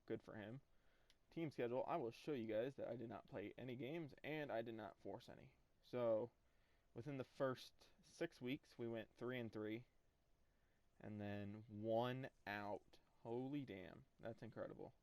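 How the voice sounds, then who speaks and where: A man's voice: fairly low pitch, gravelly, darkish tone, no echo. A young man casually talking through his sports video game season as a channel host, offhand and rambling, with the odd swear. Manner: offhand, rambling, mildly profane. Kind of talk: casual gameplay commentary. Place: indoors at home during a storm.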